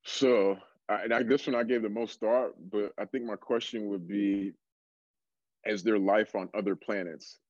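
A young adult man, a strength coach, telling stories in a relaxed casual way, full of fillers. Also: fairly low pitch, normal speed, no echo, lo-fi sound. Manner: relaxed storytelling, many fillers like "like". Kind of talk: casual podcast conversation.

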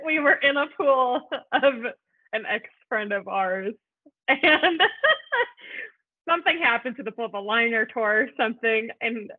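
A woman's voice: fairly high pitch, slightly rough. 29-year-old woman on a tinny line. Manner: laughing, candid and swearing. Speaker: podcast guest. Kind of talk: casual chat. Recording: tinny phone-like line, dry.

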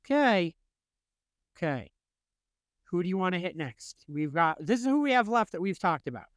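A male podcast co-host chats casually, animated and laughing often. His voice sits high, and the recording is dry and close. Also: normal speed, no echo. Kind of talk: casual chat.

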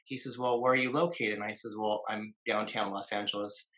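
Bright-voiced man telling a story. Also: on the low side, steady tone, brisk, poor audio. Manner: many fillers and restarts, acts out quoted voices. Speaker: guest. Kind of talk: casual storytelling in conversation.

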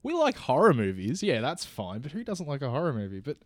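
A man's voice: mid-range voice, wildly swooping pitch, a little fast, no echo, studio quality. A man co-hosting a podcast, arguing in a loose, laughing rant. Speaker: podcast co-host.

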